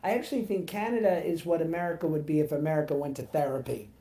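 A man in his thirties co-hosting a casual podcast, telling animated stories and laughing as he goes. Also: on the high side, fast talker. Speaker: podcast co-host. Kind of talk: casual chat, storytelling.

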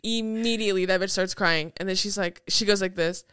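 A woman's voice: medium pitch, fairly quick, clean tone, dry recording, clean studio sound. A young woman co-hosting a podcast, chatting casually and acting out movie scenes with plenty of swearing. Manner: animated storytelling, swears freely, acts out movie lines. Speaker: podcast co-host. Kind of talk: casual chat.

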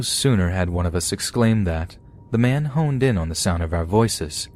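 A man hosting a podcast, reading listeners' true horror stories aloud in a steady storytelling way. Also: deep voice, normal speed, soft background music. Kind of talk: scripted horror story narration.

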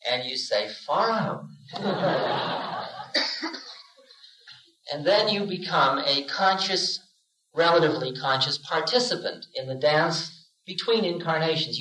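This spiritual teacher, a man in his forties, gives a lighthearted lecture full of stories and small acted-out voices. He speaks at a normal speed with an expressive, sharp, fairly high voice, captured in a roomy 1970s recording.

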